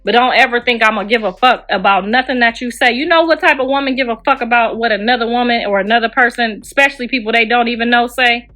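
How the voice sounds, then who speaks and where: A woman's voice: fairly high pitch, quick pace, hardly any pauses, a bit bright. Blunt, profane middle-aged woman ranting. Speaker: livestream host. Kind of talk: ranting livestream chat. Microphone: phone.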